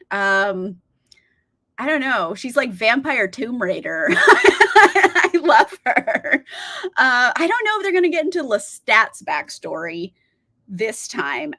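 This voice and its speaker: Brief: young female livestream host, giggly and chatty, bright swooping delivery. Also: medium pitch. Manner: bubbly, giggly, greets chat viewers by name. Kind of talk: casual livestream chat.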